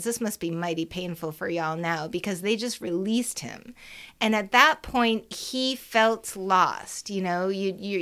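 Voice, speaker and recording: A woman co-hosting a casual sports podcast, telling stories in a chatty, animated way. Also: mid-range voice. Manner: chatty, animated storytelling with frequent "like" and laughs. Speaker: podcast co-host.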